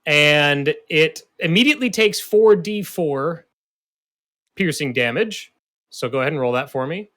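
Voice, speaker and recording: Bright-voiced male game master. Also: fairly high pitch, unhurried. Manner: relaxed, laughs often. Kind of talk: narrating a tabletop game.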